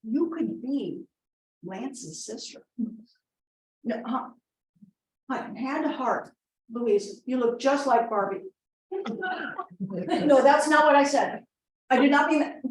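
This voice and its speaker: Pitched high and speaking slowly with long pauses, a woman performs a comic monologue as a chatty, rambling middle-aged mother toasting a wedding. She keeps interrupting herself to scold and cajole her family, and the sound echoes around the room.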